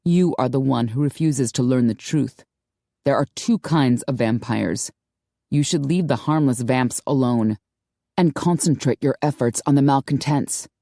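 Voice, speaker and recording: A woman voicing a steady young male hunter who speaks in a controlled, earnest way, in an audiobook. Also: medium pitch, measured pace, creaky, no room sound, studio quality, pitched below the performer's own voice. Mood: resolute. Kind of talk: audiobook character voice.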